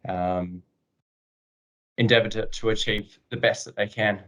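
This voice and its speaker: A man's voice: lowish voice, fairly even intonation, unhurried, a bit bright. A man presenting a webinar, hesitant and full of fillers.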